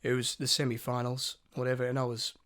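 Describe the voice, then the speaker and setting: A man's voice: mid-range voice, monotone, fast talker, fairly bright tone. A young man, co-hosting a podcast and telling a story in casual chat, often mimicking people in a broad voice. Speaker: podcast co-host.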